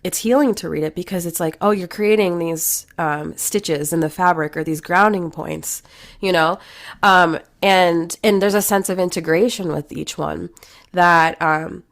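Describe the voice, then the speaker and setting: A woman's voice: lowish voice, unhurried. A woman hosting an interview, talking in an effusive, heartfelt way about a book. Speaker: podcast host. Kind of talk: interview conversation.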